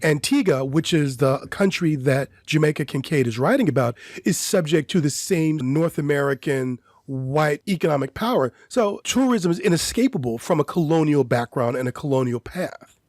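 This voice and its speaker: A man co-hosting a podcast, his voice a touch high and delivered close to a dry microphone. He talks in a measured, lecturing way, building his argument through strings of questions. His style is that of academic discussion. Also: lively intonation, darkish tone, dry recording. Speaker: podcast co-host.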